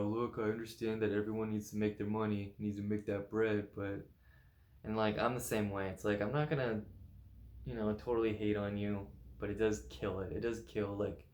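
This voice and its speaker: Guy vlogging his week, lowish voice, rambles a lot with like and you know, laughs at his own jokes. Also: darkish tone, reverberant. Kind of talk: casual weekly recap vlog.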